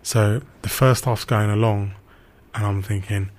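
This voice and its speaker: A young man, a football radio reporter telling animated anecdotes in casual chat and acting out quotes. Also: lowish voice, measured pace.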